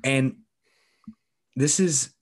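A man co-hosting a casual sports podcast, animated and profane, teasing his friend, his voice jumping up when excited. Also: mid-range voice, extremely slow. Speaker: podcast co-host.

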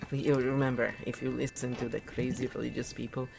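Very low, gravelly-voiced woman. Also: level tone, normal speed, noisy background. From Italy. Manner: chatty, rambling, laughs at her own jokes. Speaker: podcast host. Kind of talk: casual spiritual talk.

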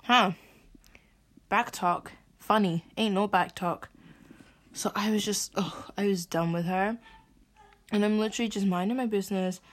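A woman's voice: medium pitch, steady tone, normal speed. A young woman, venting and swearing as she hosts a podcast. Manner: exasperated ranting, swearing. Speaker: podcast host. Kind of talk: venting monologue.

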